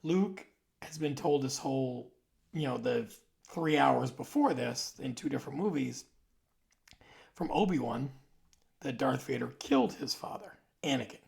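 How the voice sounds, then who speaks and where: A man in his forties talking casually to camera, rambling and conversational, sometimes dropping into soft asides. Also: mid-range voice, expressive, unhurried, gravelly. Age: 40s. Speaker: video host. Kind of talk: casual monologue.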